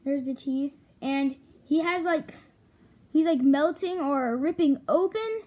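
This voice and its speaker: A woman's voice: high-pitched, slow pace, darkish tone. A young woman giving a casual toy review, chatty and full of "like" and "um". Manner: chatty, lots of "like" and "um".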